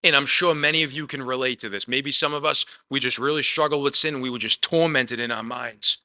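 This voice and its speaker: A man preaching a conversational sermon, swinging between emphatic loud lines and quiet asides, often dropping "man" into his talk. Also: medium pitch, steady tone, fairly quick. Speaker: pastor.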